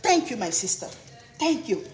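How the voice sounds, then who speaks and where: A woman's voice: fairly high pitch, sing-song, moderate pace, a little mellow. A woman from Africa, a cooking channel host, ranting indignantly and emphatically on a live stream, often repeating herself. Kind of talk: heated livestream rant. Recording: echoey room, faint background noise.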